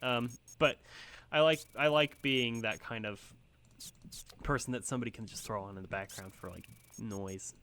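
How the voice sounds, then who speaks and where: Gaming host, male, bright forceful tone, rambling filler-heavy chatter, faint noise behind. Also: medium pitch, moderate pace. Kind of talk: casual gameplay commentary.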